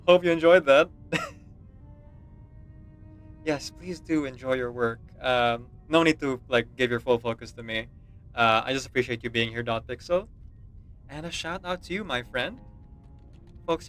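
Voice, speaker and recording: A man's voice: mid-range voice, a bit bright. A man streaming a game, chatting casually and in a self-deprecating way, with frequent laughs. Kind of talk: casual livestream chat.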